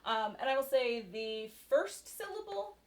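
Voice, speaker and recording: A woman's voice: sits high, very animated, unhurried, slight background noise. A woman giving a recorded university lecture in a conversational way, with frequent fillers and "right?" tag questions.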